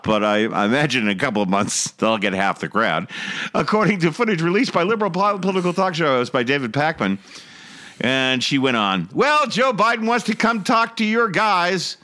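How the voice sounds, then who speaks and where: A man's voice: on the high side, sing-song, fairly quick, bright, forceful tone. A man hosting a comedic political show, mocking the news and laughing often. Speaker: host.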